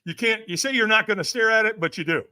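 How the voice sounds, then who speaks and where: A man's voice: high voice, fast talker, pushed and bright, clean tone. A middle-aged man telling a personal story as a podcast guest, acting out the other voices with big swings. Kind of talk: animated storytelling.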